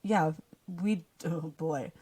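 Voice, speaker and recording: A woman co-hosts a casual podcast in an attic. She rambles in a chatty way, laughing often and filling pauses with "um" and "like". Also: deep voice, mellow, husky. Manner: chatty, giggly, rambling with fillers. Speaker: podcast co-host.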